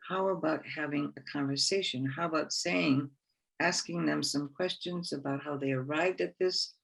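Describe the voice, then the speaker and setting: A woman with a gravelly edge to her voice speaks at a conference in a calm, encouraging way. She gives a reflective spiritual talk and repeats her key phrases to press them home. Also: low voice, normal speed, rough recording.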